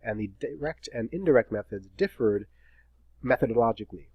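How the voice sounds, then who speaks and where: A middle-aged male professor lecturing in a brisk, slightly terse way, with a wry edge. His voice sits at an ordinary middle pitch and is recorded dry and close. No room sound is heard around him. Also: expressive, breathy edge, dry recording, narrow, tinny audio.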